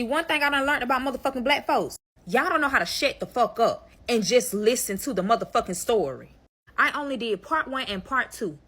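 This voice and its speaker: A young woman recounts a personal story straight to her audience, swearing at nearly every turn. Her voice is bright and forceful, and she talks bluntly from start to finish. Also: on the high side. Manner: blunt, profane, addresses viewers directly. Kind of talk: storytime vlog.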